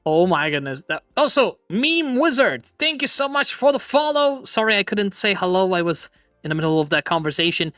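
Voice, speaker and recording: Streaming from a home setup, a man hosts a casual livestream chat into a boom arm mic, excitable and fake-British, swearing and laughing a lot. He talks at a normal speed, and the studio sound is clean and echo-free with soft music underneath.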